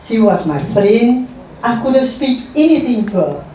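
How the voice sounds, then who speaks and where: A middle-aged woman, an interview guest telling her life story in a halting, emotional way and repeating phrases. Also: on the high side, sing-song. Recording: echoey room, voice far from mic, faint noise.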